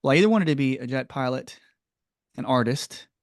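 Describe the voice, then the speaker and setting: A middle-aged man chatting as an interview guest, rambling and warm. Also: medium pitch, lively intonation, brisk, dry recording, studio quality. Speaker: guest, clinic owner. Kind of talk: casual interview.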